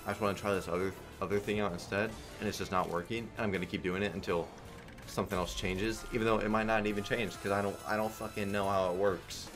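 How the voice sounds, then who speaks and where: A man's voice: fairly low pitch, fairly even intonation, fast, music in the background. A man streaming online slots, giving casual, profane play-by-play and thinking aloud in a frustrated way.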